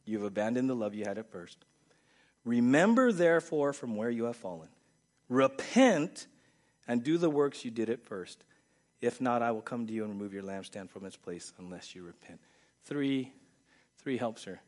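A man preaching a sermon, addressing the congregation with rhetorical questions, swinging from low, quiet stretches to high, loud ones. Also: lively intonation, normal speed. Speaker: pastor.

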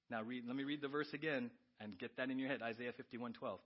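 A pastor preaching a sermon, swinging between loud, urgent questions and quiet, confiding asides. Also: male voice, mid-range voice, steady tone, fairly quick, muffled recording.

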